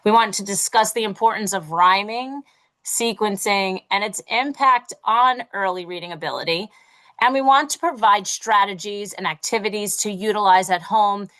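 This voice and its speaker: A woman's voice: mid-range voice, normal speed, fairly bright tone, rough recording. A woman teacher presenting a parent workshop, explaining in a friendly way with small fillers.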